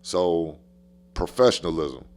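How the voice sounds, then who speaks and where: A man with a very deep voice tells stories from his coaching career in a loose, slangy podcast style. He talks with plenty of animation and hammers his points by repeating short phrases. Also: lively intonation, slow pace, darkish tone. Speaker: basketball coach. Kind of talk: casual podcast storytelling.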